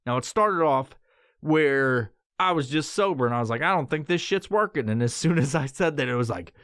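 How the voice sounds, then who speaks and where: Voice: mid-range voice, animated, moderate pace, a bit bright, dry recording, clean studio sound. A podcast host telling a story in casual, profane talk, acting out the quotes with yelps and laughs.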